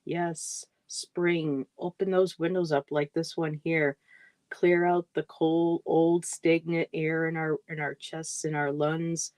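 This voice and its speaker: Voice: medium pitch, flat delivery, slow pace, a little mellow, no echo, rough recording. A card reader hosting a casual livestream, greeting viewers in the chat by name and now and then tripping over words.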